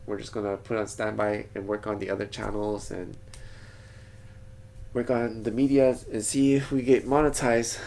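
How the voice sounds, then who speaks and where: A man's voice: on the low side, flat delivery, normal speed, gravelly, a little mellow. A man talking to camera in a casual, rambling vlog from a small home studio, thinking aloud and wandering off topic. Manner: digressive, thinks aloud with frequent restarts. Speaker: vlogger.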